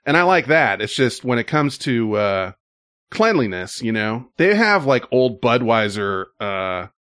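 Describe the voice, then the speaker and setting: A man's voice: mid-range voice, big pitch swings, measured pace, fairly bright tone, no echo, studio quality. A man hosting a casual chat, telling rambling stories with many fillers.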